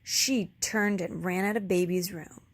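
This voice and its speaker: A woman teacher reading a children's book aloud, pausing to explain words for young kids. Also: on the low side, steady tone.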